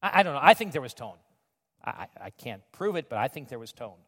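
A man preaching a sermon in a conversational, animated storytelling manner. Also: mid-range voice, fast talker. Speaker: pastor. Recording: long reverb of a large hall.

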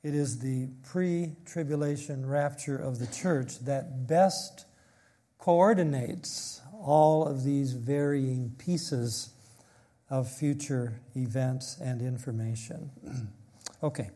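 Mellow-voiced man preaching a sermon. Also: medium pitch, slow pace. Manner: emphatic, reads scripture aloud and explains it. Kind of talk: expository sermon.

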